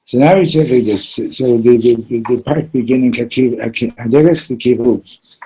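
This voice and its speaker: A man's voice: medium pitch, moderate pace, mellow, husky, low-quality recording. A man teaching a Torah class in a loose, conversational way, telling stories and mixing in Hebrew terms.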